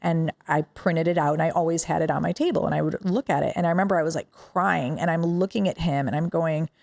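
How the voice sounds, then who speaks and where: Woman, podcast guest, somewhat low voice, animated storyteller, acts out dialogue. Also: quick pace, gravelly. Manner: animated, dramatic retelling with quoted dialogue. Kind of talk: casual storytelling conversation.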